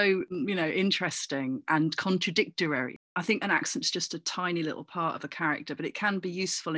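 A woman from Cornwall, an actor and comedian, chatting as an interview guest with animated, anecdotal storytelling. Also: low voice, breathy edge, dry recording, clean studio sound. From Cornwall, England. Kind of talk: casual interview chat.

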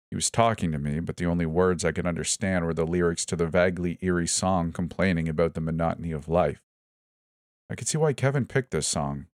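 A man's voice: sits low, no room sound, studio quality. A man reading a first-person horror story aloud, tense and suspenseful, giving each character his own voice. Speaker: narrator. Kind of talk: scripted horror story narration.

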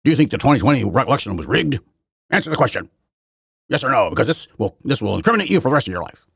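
A man's voice: mid-range voice, big pitch swings, very fast, gravelly, a bit bright, husky, no room sound, clean studio sound. A middle-aged man hosting an opinion podcast, talking in a sarcastic, mocking way with many repeats and restarts. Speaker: podcast host. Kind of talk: opinion commentary monologue.

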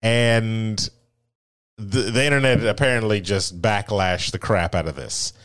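Low, smooth-voiced man chatting. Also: a little slow, fairly bright tone, no echo. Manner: laid-back, rambling, reads out an article. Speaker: podcast co-host. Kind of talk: casual chat.

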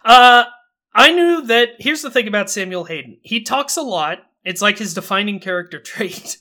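A young man co-hosting a podcast in casual chat, talkative and quick to laugh at himself. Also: high voice, animated, sharp tone. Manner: chatty, self-amused, laughs often. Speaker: podcast co-host.

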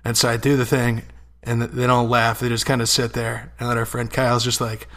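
A man's voice: mid-range voice, completely flat delivery, a little fast, fairly bright tone. A young man co-hosting a podcast in casual banter, laughing often and swearing freely while he jokes. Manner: laughs a lot, profane, joking. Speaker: podcast co-host.

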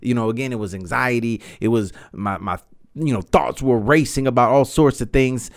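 Male podcast host, 30s, medium pitch, loose swearing storyteller. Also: moderate pace. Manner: rambling, animated, swears freely, says "man" and "you know" a lot. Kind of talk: casual storytelling monologue.

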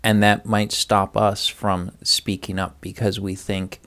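A man's voice: on the low side, flat delivery, unhurried, fairly bright tone. A man reading a Bible passage and then talking earnestly about sharing faith with others. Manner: earnest, conversational, reads passage aloud. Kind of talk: Bible study discussion.

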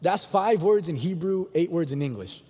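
A young man preaching a sermon, animated and acting out the people he quotes in different voices. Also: on the high side, moderate pace, slightly rough, long reverb tail. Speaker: pastor.

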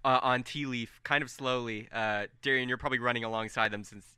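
A young man narrating as game master of a tabletop game, animated and rambling with fillers. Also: mid-range voice, a little fast, clear, resonant tone, no room sound, clean studio sound.

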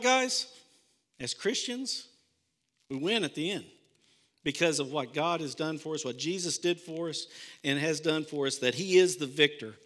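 A man preaching a sermon, reading scripture and telling a story in a conversational, animated way. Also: high-pitched. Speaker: pastor.

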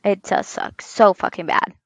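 A woman in her thirties co-hosting a casual chat podcast, telling animated stories about her kids and swearing freely. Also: normal speed, dry recording, low-quality recording. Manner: swears a lot, animated storytelling. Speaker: podcast co-host.

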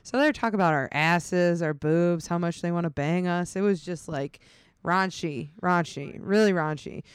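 Animated woman storyteller, crisp tone, close dry mic. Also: on the low side, normal speed, dry recording. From New York State, US. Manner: animated, laughing storyteller, acts out quoted voices. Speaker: guest storyteller. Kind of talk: casual podcast chat.

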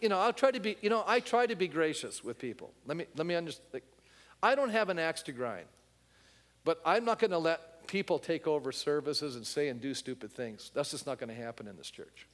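Male pastor, fairly high voice, blunt conversational sermon, long hall reverb. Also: expressive, a little fast, fairly bright tone. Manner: conversational, asks the congregation questions; emphatic and blunt.

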